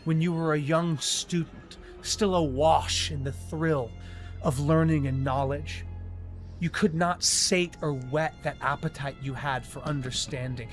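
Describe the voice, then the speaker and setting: A man narrating a tabletop horror game as game master, describing scenes in an unhurried way with many filler words. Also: fairly high pitch.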